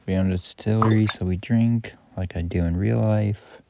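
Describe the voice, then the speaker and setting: A gaming YouTuber rambles offhandedly through commentary on his own game, correcting himself along the way. His voice is lowish, steady and creaky, at a normal speed. Loud background noise fills the recording.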